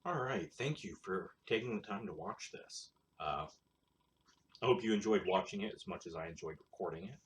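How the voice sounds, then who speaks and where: A man's voice: low voice, lively intonation, moderate pace, a little hiss or hum. A man hosting his own show, rambling through casual solo commentary in a blunt, crude, sarcastic way. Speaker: show host.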